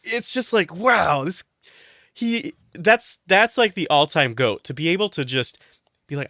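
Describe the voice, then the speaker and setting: A man's voice: on the high side, animated, measured pace, sharp tone, no echo, clean studio sound. A man co-hosting a casual podcast, enthusiastic and rambling, laughing as he talks. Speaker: podcast co-host. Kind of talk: casual roundtable chat.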